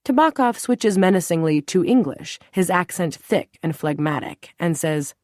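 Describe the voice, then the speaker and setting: A woman narrating an audiobook in a steady, even storytelling manner. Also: lowish voice, normal speed, few pauses, no room sound, studio quality.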